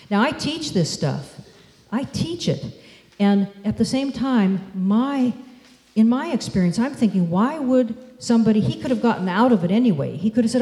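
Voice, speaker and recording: A woman gives a measured, story-driven talk from a stage. Her voice is dark and mellow, and it carries through a reverberant hall. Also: medium pitch. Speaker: speaker. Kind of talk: conference talk. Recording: echoey hall.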